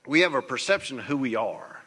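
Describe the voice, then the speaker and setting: A man preaching a sermon as pastor, swinging between hushed, slow phrases and loud, emphatic ones. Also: mid-range voice, expressive, husky. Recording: long church hall reverb.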